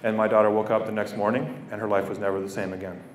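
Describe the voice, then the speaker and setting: A man's voice: lowish voice, little pitch movement, quick pace. A middle-aged Canadian man addresses a school assembly in an earnest, heartfelt way, often repeating key phrases. His voice rings out through a big echoey hall. He is picked up from a distance, with a faint hum behind him. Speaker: guest speaker. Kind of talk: public speech to students.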